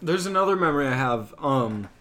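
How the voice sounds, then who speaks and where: A man's voice: a little high, fairly quick. A young man co-hosting a casual podcast chat, telling stories with acted-out voices and frequent laughter. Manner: animated storyteller, acts out voices and laughs often. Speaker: podcast co-host.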